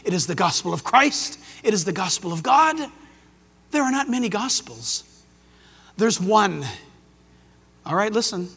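A man preaching a sermon emphatically, swinging between loud declarations and quiet asides. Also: high-pitched, big pitch swings, unhurried, creaky, pauses often, slightly rough. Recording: long hall reverb.

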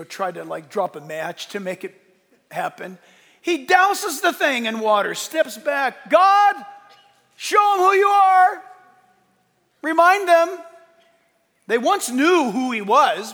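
Gravelly high-voiced joking preacher. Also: male voice. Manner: animated, joking with the congregation. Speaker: pastor. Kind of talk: sermon with humor. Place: church hall with live congregation. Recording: long hall reverb.

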